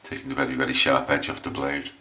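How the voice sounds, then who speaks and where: English man, very deep voice, bright forceful tone, hesitant casual shaving chat. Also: monotone, fast talker, slight background noise. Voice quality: low voice. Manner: rambling, hesitant, lots of restarts. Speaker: shaving vlogger.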